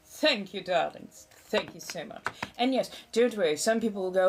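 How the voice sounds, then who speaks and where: A woman's voice: mid-range voice, expressive, normal speed, darkish tone. Theatrical woman with an old-fashioned American accent. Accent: put-on old-fashioned American accent. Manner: theatrical, flowery and affectionate; talkative chatterbox. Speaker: livestream host. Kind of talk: chatty livestream with viewers.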